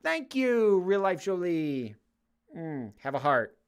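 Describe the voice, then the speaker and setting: A man's voice: sits high, sing-song, slow pace, smooth. American guy rambling thru a livestream q&a, jokey, voice bounces up and down a lot. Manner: rambling, joking, many fillers and restarts. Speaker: YouTube host answering chat. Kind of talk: casual livestream Q&A.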